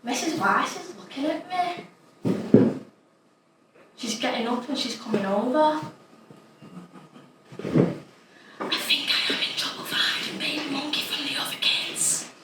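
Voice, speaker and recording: A woman's voice: sits high, animated, a little slow, pauses often. A woman performing a dramatic monologue as an innocent, rambling little schoolgirl. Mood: innocent chatter. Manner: innocent, rambling, matter-of-fact. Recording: echoey room, distant mic, noisy.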